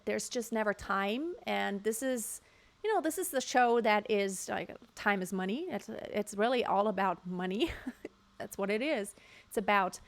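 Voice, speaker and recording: A woman vocal coach giving frank, emphatic casual commentary from home, now and then breaking into short sung demonstrations. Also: a little high. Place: home room near construction noise.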